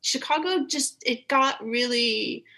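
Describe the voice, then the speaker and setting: A woman's voice: high voice, takes it slowly, pushed and bright. A middle-aged woman guest telling stories in an enthusiastic, chatty way during a casual conversation. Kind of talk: casual chat.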